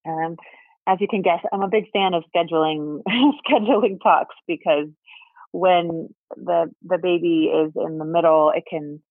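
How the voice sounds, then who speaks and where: A woman in her thirties, a guest expert, calmly explaining and acting out example phrases in casual conversation. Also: on the low side, unhurried, dry recording. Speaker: podcast guest, perinatal mental health specialist. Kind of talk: casual interview chat. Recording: phone-line audio, dry.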